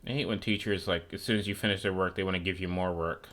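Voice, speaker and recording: A man's voice: low-pitched, fairly even intonation, quick pace, hardly any pauses, a bit bright. Profane, rambling young man streamer. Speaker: gaming streamer. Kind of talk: casual chat while gaming.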